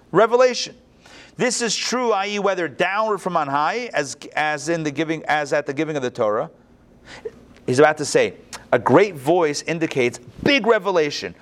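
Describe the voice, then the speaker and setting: A man leading a text-study class with a voice pitched a little above most men's. He reads from the book and then talks it through in a loose, lively way, with quick asides and restarts. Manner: conversational, animated, with restarts and asides. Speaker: Torah teacher.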